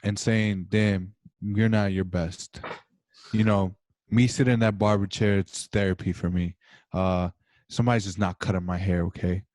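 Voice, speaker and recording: A man's voice: low-pitched, mellow, no room sound. A young man and podcast host on a video call, going on an impassioned, rambling monologue full of swearing. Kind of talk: casual chat over video call.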